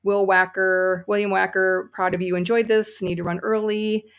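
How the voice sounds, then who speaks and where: A woman's voice: mid-range voice, little pitch movement, normal speed, clear, resonant tone. A woman hosting a casual livestream, chatty and enthusiastic, with many fillers. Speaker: podcast host and novelist.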